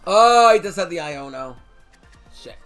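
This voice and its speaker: A man streaming a card game live, reacting loudly, swearing and shouting at big plays. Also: high-pitched, measured pace. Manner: excitable, swears, shouts at wins. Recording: faint music behind.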